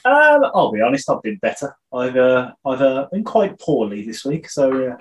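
A man's voice: medium pitch, big pitch swings, moderate pace. A man, co-hosting a podcast with dry, jokey asides. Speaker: podcast co-host. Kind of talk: casual chat.

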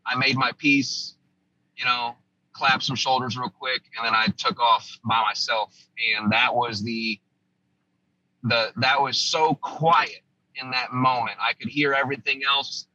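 A man's voice: mid-range voice, steady tone, unhurried, sharp tone, muffled recording. A man from the United States, a former army sergeant and podcast guest, telling a vivid first-person war story in casual interview talk with frequent restarts.

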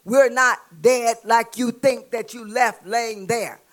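A woman preaching a sermon with a Southern US accent, calling out to the congregation and building to shouts. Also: a little high, steady tone, takes it slowly. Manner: call-and-response preaching, rising to shouts.

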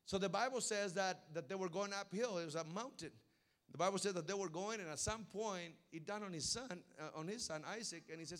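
High-voiced preacher telling a story. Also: male voice, brisk. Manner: storytelling, building to loud emphatic preaching. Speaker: pastor. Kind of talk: sermon.

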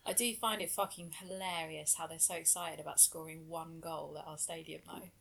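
A woman with a fairly low voice co-hosting a football podcast. She drops short, dry, teasing remarks into the banter. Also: flat delivery, a little fast, creaky, a bit bright. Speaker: podcast co-host. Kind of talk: casual football podcast chat.

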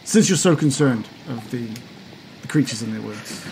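A man voicing a grieving young man who speaks formally and politely, calmly turning down help. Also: mid-range voice, moderate pace, gravelly, slight background noise, rough recording. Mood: composed, polite.

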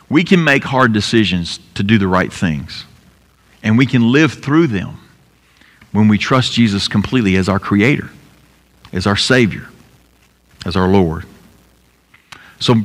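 A man's voice: medium pitch, a bit bright. A male pastor preaching a sermon in an earnest, emphatic way, repeating key phrases for effect. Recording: long hall reverb.

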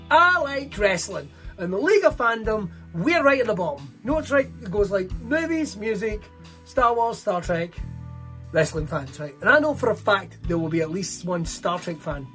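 A Scottish man doing stand-up, telling stories in a sweary, animated way. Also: sits high. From Scotland. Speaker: stand-up comedian. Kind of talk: stand-up routine.

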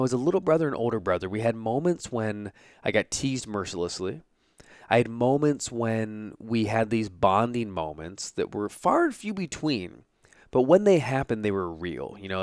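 A man's voice: lowish voice, smooth, no echo, studio quality. A man in his thirties, hosting a podcast, tells fond, rambling childhood stories in a casual way, often saying "you know" and "like.". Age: 30s. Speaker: podcast host. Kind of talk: casual personal storytelling.

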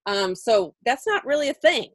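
Animated laughing woman telling a story. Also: on the high side, normal speed, dry recording, clean studio sound. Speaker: podcast co-host. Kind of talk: casual chat.

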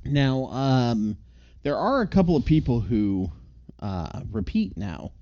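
An easygoing man co-hosts a casual film podcast, hesitating often as he recalls details. His voice is warm and mellow, recorded dry with a slightly dull, lo-fi mic. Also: medium pitch, sing-song, takes it slowly, dry recording. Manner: easygoing, hesitant, many ums. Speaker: podcast co-host. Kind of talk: casual chat.

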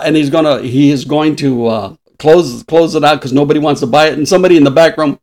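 A man's voice: on the high side, quick pace, a little mellow. A man in his sixties, a podcast host, chatting casually and laughing often as he retells stories. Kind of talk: casual chat.

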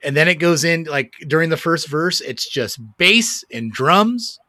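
A man's voice: on the high side, sing-song, a little slow, pushed and bright, no room sound, studio quality. A man co-hosting a casual podcast chat about music, enthusiastic and rambling, with lots of fillers and restarts and some swearing. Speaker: podcast co-host.

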